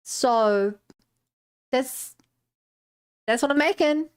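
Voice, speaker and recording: High-voiced young woman streamer. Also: extremely slow, smooth. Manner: chatty and rambling, greets viewers, many "um"s and restarts. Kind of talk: casual live-stream chat while drawing and rigging.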